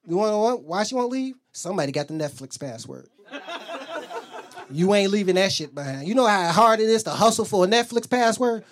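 A young man doing a stand-up comedy set in a comedy club, telling loose, profane stories with quick asides to the crowd. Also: high voice, animated.

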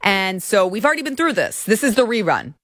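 Sarcastic woman host, lively delivery. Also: medium pitch, a little fast, dry recording, clean studio sound. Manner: sarcastic, indignant, animated. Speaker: commentary show host. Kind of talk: opinionated political commentary.

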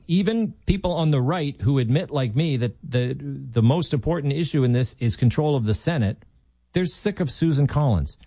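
A man's voice: fairly low pitch, mellow, no room sound. A man filling in as a radio talk host, giving opinionated, emphatic political commentary while he thinks aloud.

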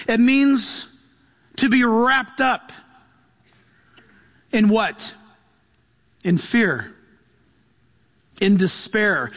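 A male pastor preaching a sermon, animated, acting out voices and dropping to a hush for emphasis. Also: very high-pitched, big-room sound.

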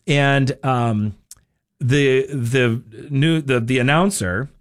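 A man's voice: medium pitch, slow pace. A middle-aged man hosting a radio show, telling stories in a chatty, casual way and laughing often. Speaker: radio host. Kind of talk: casual talk-radio chat.

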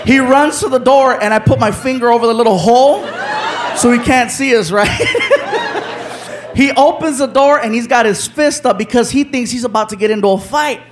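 A man telling a story in stand-up, loud and animated, acting out the people in it with shouts. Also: very high-pitched, normal speed. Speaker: stand-up comedian. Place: live comedy stage before a laughing crowd. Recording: live show with crowd noise.

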